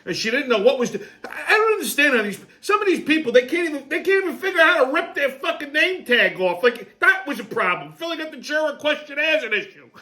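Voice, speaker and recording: A man hosting his own show, telling a story as a comedic monologue, profane and sarcastic, swinging between low muttering and excited outbursts. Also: quick pace, few pauses. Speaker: host.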